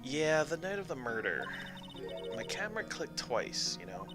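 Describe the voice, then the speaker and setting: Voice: mid-range voice, sing-song, moderate pace, natural voice. A streamer voicing a chatty young woman photographer with an American Southern accent and a folksy drawl, over game music.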